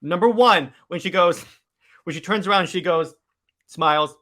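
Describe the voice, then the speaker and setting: A man co-hosting a podcast in casual chat, talking excitedly with many stammered restarts. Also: fairly high pitch, normal speed. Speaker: podcast co-host.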